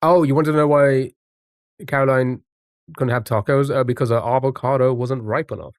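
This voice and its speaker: A man's voice: mid-range voice, steady tone, normal speed, smooth, no room sound. Chatty male streamer, dry close sound. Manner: greets chatters by name, chatty and playful. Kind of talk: casual live-stream chat while playing a word game.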